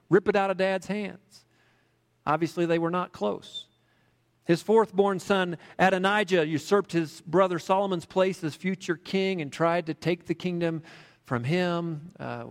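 A male preacher with a somewhat high voice who delivers his sermon in a relaxed, conversational way. His voice carries a long reverb, as if in a large hall. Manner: conversational, with frequent fillers. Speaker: pastor. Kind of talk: sermon with storytelling.

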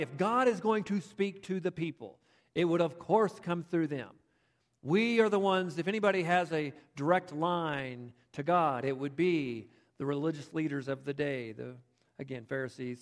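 A man with a notably high voice delivers a sermon, retelling a story with animated, conversational asides. His words ring out with a long reverb, as in a church sanctuary. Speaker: pastor.

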